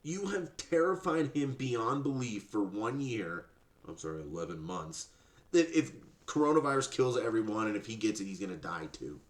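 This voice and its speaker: A man's voice: on the low side, very animated, normal speed. Guy ranting and swearing on his podcast, mocking tone, echoey room. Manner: sarcastic, profane, mocking. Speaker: podcast host. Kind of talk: ranting commentary.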